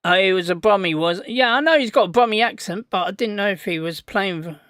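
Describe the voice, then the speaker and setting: A man's voice: high voice, a little fast, a bit bright, clear, resonant tone, no echo, studio quality. A man hosting a live football watch-along, rambling casually and chatting back to his viewers.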